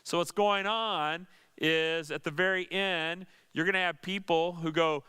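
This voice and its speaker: Clear-voiced pastor teaching Scripture. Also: male voice, a little high, steady tone, unhurried, pushed and bright. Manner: earnest, with dry sarcastic asides. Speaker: pastor teaching a Bible study. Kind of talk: conversational Bible teaching.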